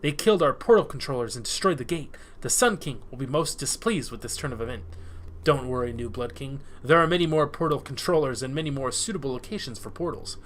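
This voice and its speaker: A man's voice: medium pitch, a bit bright, slight background noise, lightly acted. A man reading out a scornful captured male elf spy from a video game, haughty and contemptuous.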